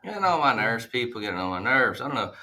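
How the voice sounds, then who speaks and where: Bright-voiced ranting man, swearing freely. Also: mid-range voice, very animated, quick pace. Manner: exasperated ranting, heavy swearing. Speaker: podcast co-host. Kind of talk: casual profane podcast chat.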